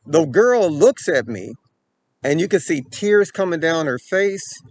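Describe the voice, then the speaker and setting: A man's voice: fairly high pitch, a little slow, slight background noise. Earnest man telling a story. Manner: earnest, repeats "okay" and "right", grows animated in the story. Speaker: self-defense channel host. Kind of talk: storytelling to camera.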